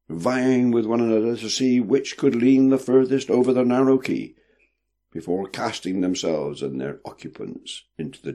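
A man reading a story aloud in an expressive, vivid narrating style. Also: lowish voice.

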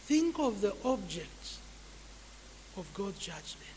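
A man's voice: extremely high pitch, expressive, darkish tone. A man preaching a sermon, pleading with his listeners to turn from sin and closing in prayer. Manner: slow, pleading, rising to urgent appeals. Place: church sanctuary. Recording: hall reverb with faint hiss.

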